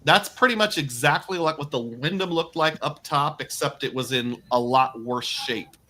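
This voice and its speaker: A man's voice: a little high, moderate pace, bright, forceful tone, a little hiss or hum. A man hosting a casual livestream, reading viewer comments aloud and thanking donors with frequent chuckles. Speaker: livestream host. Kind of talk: casual live-stream chat.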